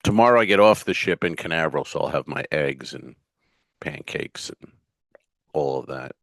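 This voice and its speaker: A man co-hosting a comedy podcast, telling profane, animated stories in casual chat. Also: rumbling low, moderate pace, no room sound.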